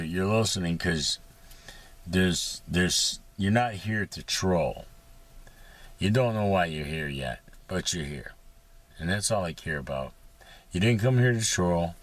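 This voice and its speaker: A man rambling in a casual monologue from inside his parked vehicle, profane and sarcastic, with many fillers. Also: low voice. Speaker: vlogger.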